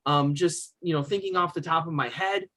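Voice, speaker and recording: A man's voice: a little high, a little fast, fairly bright tone. A man co-hosting a casual podcast chat, talking in an enthusiastic, opinionated way with plenty of fillers like "um" and "like". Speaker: podcast co-host. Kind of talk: casual chat about roller coasters.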